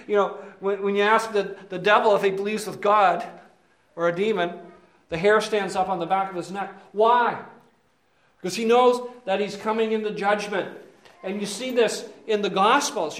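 High-voiced male preacher, roomy echo. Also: a bit bright. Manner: conversational, asks "okay?" often, many fillers. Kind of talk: expository sermon, verse by verse.

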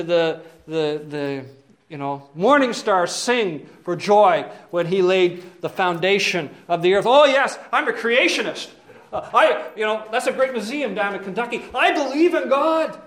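A man's voice: sits high, fairly bright tone, echoey room. A man voicing a smug male devil in a fine suit who boastfully insists he believes. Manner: eager, boastful, over-agreeable.

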